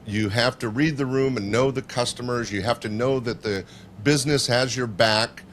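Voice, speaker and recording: A man's voice: mid-range voice, moderate pace, a bit bright, slight background noise. Older guy yapping through a story, lots of ums and uhs, guest on a podcast. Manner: chatty, rambling with fillers. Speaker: guest, show producer. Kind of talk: casual storytelling in a podcast interview.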